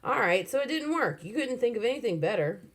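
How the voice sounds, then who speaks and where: A woman reading aloud and voicing an argumentative boy who talks fast and wheedles. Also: a little high, sing-song, pitched above the performer's own voice. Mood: arguing.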